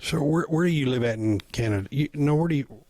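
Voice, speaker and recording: A man with an average-pitched voice hosts a relaxed interview for his shop's channel. He is friendly and talkative, with a dry, close sound. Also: a little fast, dry recording. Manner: friendly, chatty, with frequent fillers. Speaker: shop owner and show host. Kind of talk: casual interview chat.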